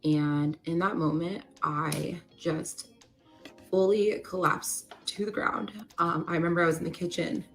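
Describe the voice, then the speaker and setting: A woman's voice: lowish voice, steady tone, measured pace, soft background music. A young woman casually telling a personal story in a confessional way, peppering her speech with "like". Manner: conversational, many "like" fillers.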